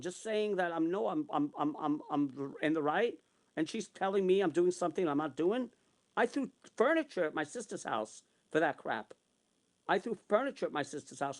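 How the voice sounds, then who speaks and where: A man vents in a heated vlog rant. His voice sits somewhat high, and he keeps circling back over the same points, swearing as he acts out both sides of old arguments. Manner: long retellings of arguments in quotes. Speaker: vlogger. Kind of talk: angry ranting monologue.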